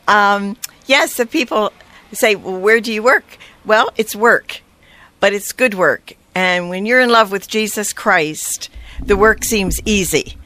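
A woman guest telling heartfelt stories in an earnest, halting conversational way, with frequent fillers. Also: medium pitch, sharp tone.

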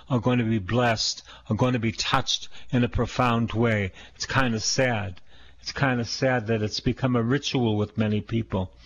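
Male priest, sermon delivery, mid-pitched, emphatic and repetitive, dull lo-fi sound. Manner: emphatic, repeating phrases and asking the congregation questions.

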